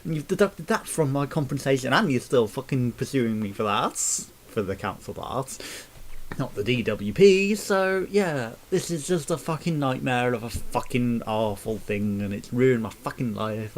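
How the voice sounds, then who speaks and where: A man's voice: mid-range voice, expressive, normal speed, slight background noise. A man ranting to camera, swearing constantly and sounding exasperated and sarcastic. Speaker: vlogger. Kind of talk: angry rant to camera.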